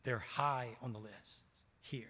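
An older man from Maryland preaches a sermon, telling stories and acting out the dialogue. His voice is bright and cutting. A long church reverb trails every phrase. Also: mid-range voice, steady tone, slow pace, slightly rough. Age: 70s. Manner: storytelling, acts out quoted dialogue. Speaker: pastor.

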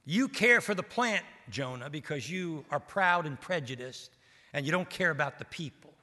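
A man preaching a sermon as pastor of a church, emphatic and swinging between loud and hushed delivery. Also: on the high side, expressive, moderate pace, big-room sound.

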